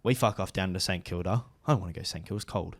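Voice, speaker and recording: A man's voice: deep voice, very fast. A young man with an Australian accent, co-hosting a podcast in casual chat, telling stories and complaining emphatically. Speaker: podcast co-host.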